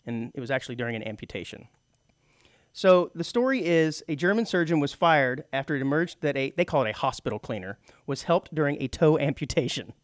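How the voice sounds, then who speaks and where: A man's voice: a little high, animated, fairly quick, no room sound, studio quality. A middle-aged man co-hosting a radio show, chatting casually and laughing often. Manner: chatty, laughs often, slips into mock British voices. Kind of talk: casual talk radio banter. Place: radio studio.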